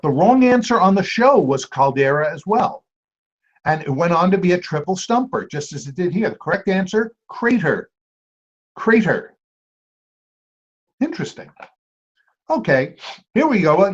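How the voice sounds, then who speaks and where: A man hosting a trivia quiz, reading clues aloud and repeating each one slowly. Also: high-pitched, lively intonation. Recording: dull lo-fi amateur recording.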